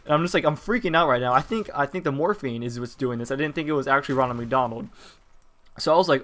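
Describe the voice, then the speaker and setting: A man's voice: mid-range voice, fast talker, a bit bright. A teenage boy casually telling a personal story in a rambling way, with many fillers and restarts. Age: teens. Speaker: vlogger telling personal stories.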